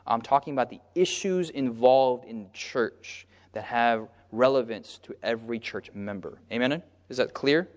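A man preaching a lively sermon at a middle pitch, stopping mid-verse so his listeners call out the missing word. His voice rings with a long reverb, as in a church hall. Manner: pauses on a word and asks the listeners "what?" so they call out the answer; lively, acts out the crowds in brief character voices.

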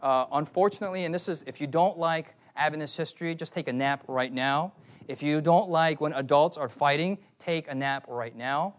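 A man preaching at a youth conference in a playful, animated way, often calling out to the audience. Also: a little high, moderate pace. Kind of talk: sermon.

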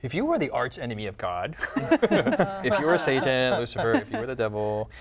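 A man's voice: mid-range voice, sing-song, moderate pace, over a noisy crowd. A man hosting a casual religious discussion, thinking aloud with many fillers and restarts. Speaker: podcast host.

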